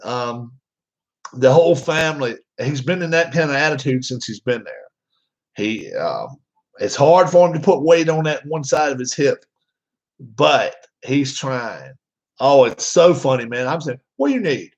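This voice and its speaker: A man's voice: mid-range voice, animated, measured pace. A man chatting casually to his viewers, rambling, with many fillers and restarts. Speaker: vlogger. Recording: dull lo-fi sound.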